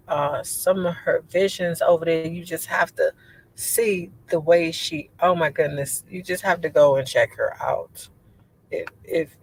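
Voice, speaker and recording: Chatty low-voiced woman on a livestream. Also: slight background noise, rough recording. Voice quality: low voice she says sounds like a man's. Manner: chatty and rambling, laughs often, many fillers. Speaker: livestream host. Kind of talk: casual livestream chat reading viewer comments.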